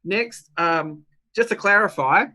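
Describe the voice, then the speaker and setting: An upbeat man with a New Zealand accent runs a live online lesson, talking chattily to his viewers. His voice sits a little high and comes across bright and forceful. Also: slow pace. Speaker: webinar host and business coach. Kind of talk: live webinar teaching.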